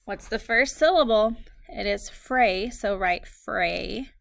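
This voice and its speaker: Slow, gravelly-voiced woman dictating spelling. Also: mid-range voice, no echo, clean studio sound. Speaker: teacher. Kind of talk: recorded phonics lesson, dictating words.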